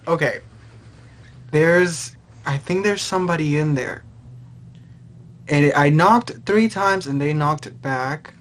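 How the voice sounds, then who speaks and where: A man's voice: on the high side, a bit bright. Hesitant young male player. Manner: hesitant, halting. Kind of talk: casual tabletop play.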